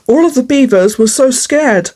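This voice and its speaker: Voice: high voice, expressive, normal speed, darkish tone. A reader reading a storybook aloud with earnest, plain phrasing.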